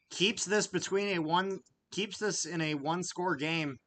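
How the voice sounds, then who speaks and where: A man calling a game as an emotional fan, his voice fairly high and bright-edged. He drops into low muttering, then bursts out loud, stammering and repeating himself when frustrated. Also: a little slow. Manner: emotional, swings between grumbling and excited shouting. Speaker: fan streamer commentating a live game. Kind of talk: live fan play-by-play commentary.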